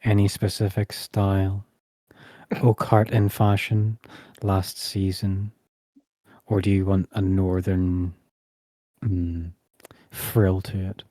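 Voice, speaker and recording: Snooty fussy tailor guy, a man putting him on, formal and slowish, mellow low voice. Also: flat delivery, no echo. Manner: formal, measured questioning. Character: fussy, aloof male tailor who measures in silence.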